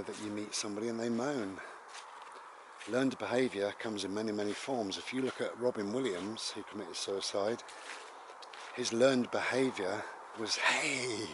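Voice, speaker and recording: A man vlogging a rambling, conversational monologue, full of tag questions. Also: on the low side. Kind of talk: casual reflective monologue. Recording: noisy home recording.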